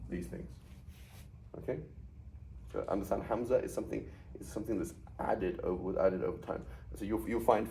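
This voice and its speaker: A man's voice: fairly low pitch, mellow, slight background noise, low-quality recording. A man teaching a class in a conversational lecture style, often putting questions to his students. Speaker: Arabic teacher.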